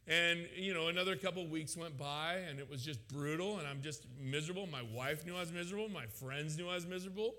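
A man preaching a sermon, telling his story with animated loud peaks and frequent stammered restarts. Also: a little high, fast. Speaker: pastor. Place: church sanctuary. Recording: long hall reverb.

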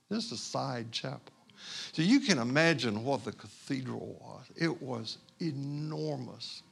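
A male pastor from Houston, Texas telling a personal story in a sermon, conversational and halting with asides. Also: fairly high pitch, vocal fry, fairly bright tone.

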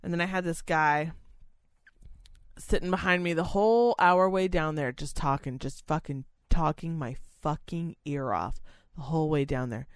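Here is a profane, rambling speaker of middle pitch, telling a work story in casual chat. The voice sits close in a dry, dead room. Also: moderate pace, clean tone, no echo. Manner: profane, rambling storyteller who acts out other people's voices. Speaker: podcast co-host and senior-living staff worker.

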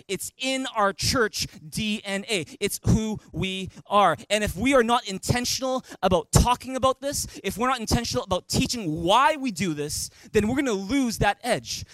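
Male pastor preaching, pretty high voice, punchy and repeats himself, dry close sound. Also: dry recording, rough recording. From Canada. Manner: emphatic, repeats phrases, leads congregation in call-and-response. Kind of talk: sermon. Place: church service.

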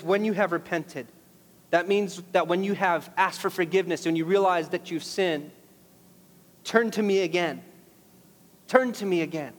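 A man's voice: high-pitched, long reverb tail. A man preaching a sermon as pastor, impassioned, rising to emphatic peaks on key phrases.

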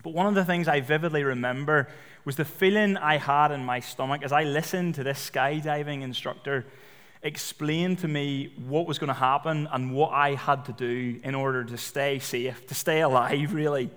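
Male preacher, slightly high voice, chatty storytelling sermon, long church hall reverb. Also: fairly even intonation, normal speed, a bit bright, clear, resonant tone. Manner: conversational storytelling with fillers. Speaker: pastor.

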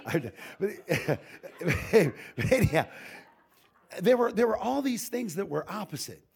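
A man's voice: high-pitched, very animated, normal speed, gravelly, darkish tone, breathy edge. An older man, a pastor, giving an informal sermon full of humorous stories, folksy and joking, with frequent restarts.

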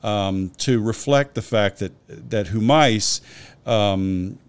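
On a conversational podcast, a man works through a Bible passage in a scholarly way, citing chapter and verse and often restarting his sentences. His voice is fairly low, slow and clean.

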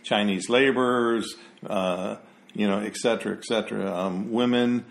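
A man's voice: fairly low pitch, fairly even intonation, normal speed, creaky. A man co-hosting a casual discussion show, rambling with many fillers and growing heated when he makes a point. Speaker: podcast co-host.

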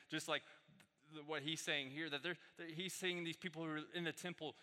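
A man preaching a sermon as pastor, telling stories in a loose conversational way that rises into animated peaks. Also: a little high, a little fast, creaky. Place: church sanctuary. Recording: reverberant hall.

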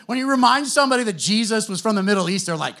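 A middle-aged man with an American accent, a guest pastor telling his story to a church in a relaxed, conversational way, full of fillers. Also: high voice, very fast. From United States. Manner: conversational, self-deprecating, many fillers.

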